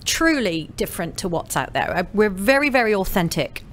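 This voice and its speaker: A woman from the UK whose British accent has softened, a salon owner chatting casually as a guest with a friendly, self-deprecating manner. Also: mid-range voice, big pitch swings, brisk, a little hiss or hum. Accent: British, softened by years in America. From United Kingdom. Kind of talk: casual interview chat.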